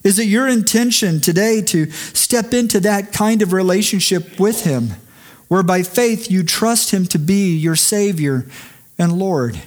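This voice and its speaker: A man preaching with a light, high-pitched voice. He delivers the sermon slowly and reflectively, repeating key phrases for weight, and ends in a quiet prayer. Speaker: pastor.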